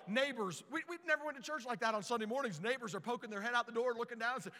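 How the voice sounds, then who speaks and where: A man preaching a storytelling sermon, animated and stumbling over repeated words as he starts sentences. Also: very high-pitched, fast, few pauses, in a large hall.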